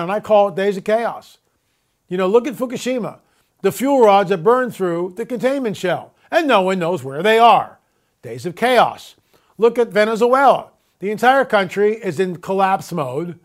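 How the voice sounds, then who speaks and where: With a high voice, the man presents his own video report as a forceful commentary monologue. Rhetorical questions abound, and he stretches his recurring catchphrases out slowly.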